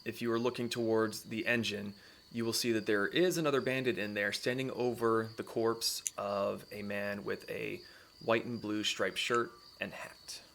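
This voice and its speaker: A man running a tabletop fantasy game, describing the scene in measured narration with small fillers. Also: fairly low pitch, steady tone, vocal fry, fairly bright tone, slight background noise. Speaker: dungeon master.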